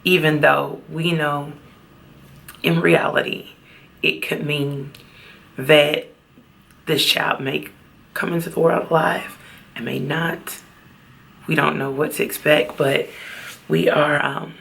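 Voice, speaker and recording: Gravelly-voiced woman vlogging at a beach. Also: low-pitched, fairly even intonation, a bit bright, a little hiss or hum. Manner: halting, heartfelt, fighting back tears. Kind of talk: personal vlog talk. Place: outdoors at a beach.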